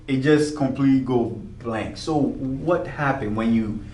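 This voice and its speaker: A man's voice: medium pitch, measured pace, a little mellow, far from the mic. A man hosting an interview, responding with frequent murmurs and laughing along with his guest. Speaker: show host. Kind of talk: casual interview. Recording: echoey room with faint room noise.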